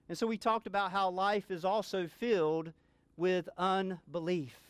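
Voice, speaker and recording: A man's voice: high-pitched, fairly even intonation, unhurried, clear, resonant tone, no room sound. A man preaching a sermon, earnest and building to emphatic exclamations. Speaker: pastor.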